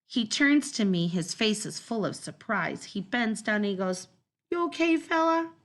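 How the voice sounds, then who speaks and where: A woman reading a children's storybook aloud in the first person, telling it in an expressive, dramatic way. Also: mid-range voice, moderate pace. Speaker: storybook narrator.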